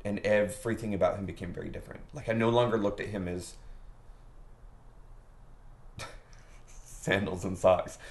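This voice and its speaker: A man's voice: deep voice, steady tone, moderate pace, long pauses. A man telling a candid personal story in an interview, chatty and loose, laughing often and swearing freely.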